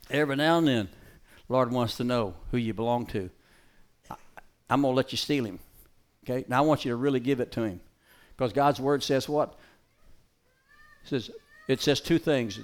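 A man preaching a live sermon before an audience, folksy and emphatic, switching between loud calls and quiet asides and giving brisk commands to a dog. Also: mid-range voice.

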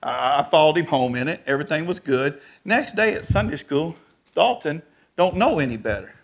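A man preaching a storytelling sermon, animated and rising to shouts at the peaks. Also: on the high side, normal speed, creaky.

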